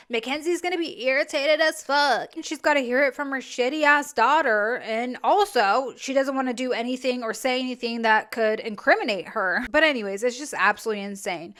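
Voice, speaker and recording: Woman, young adult, casual reaction commentary, profane, incredulous, fairly high voice. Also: fairly bright tone, smooth. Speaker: true crime commentator.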